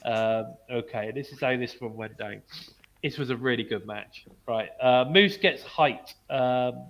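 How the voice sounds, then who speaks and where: A man's voice: medium pitch, measured pace, highs cut off. A British man co-hosting a wrestling review podcast, reading match recaps with plenty of fillers. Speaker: podcast co-host. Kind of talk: casual wrestling review chat.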